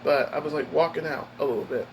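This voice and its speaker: A man's voice: on the high side, fast, gravelly, slight background noise, rough recording. A man vlogging, telling a personal story in a rambling, upset way with many restarts.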